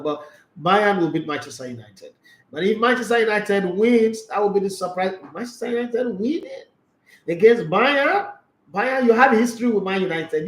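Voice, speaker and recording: A man's voice: sits high, roomy sound, rough recording. A man hosting a sports show, talking casually through football predictions with teasing rhetorical questions. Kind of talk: casual football preview talk.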